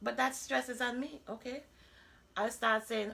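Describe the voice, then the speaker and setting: A woman's voice: a little high, fairly even intonation, unhurried, creaky, pushed and bright. A woman, talking bluntly and candidly in a personal vlog monologue, full of rhetorical asides. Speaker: vlogger.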